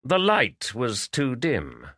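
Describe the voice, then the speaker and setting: A man voicing a sharp, commanding detective who speaks curtly and urgently. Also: mid-range voice, huge pitch swings, slow pace, dry recording, clean studio sound, pitched above the performer's own voice, heavily acted. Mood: measured. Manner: curt, urgent.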